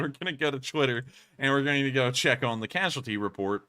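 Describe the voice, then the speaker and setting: A man's voice: mid-range voice, a little fast, pushed and bright, clean tone. A man hosting a casual news livestream who says he is exhausted and yawning, talking in a drawling, apologetic way between answers. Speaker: livestream host.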